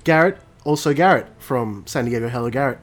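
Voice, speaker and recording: A man's voice: mid-range voice, a little fast, faint music behind. An Australian man hosting a casual gaming podcast, rambling and tripping over his words. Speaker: podcast host.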